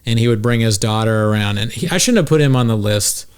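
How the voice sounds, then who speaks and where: A man's voice: on the low side, lively intonation, fast, a little hiss or hum. A man hosting a podcast in casual chat, rambling and swearing, with lots of "like" as filler. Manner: rambling, profane, heavy use of "like". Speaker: podcast host.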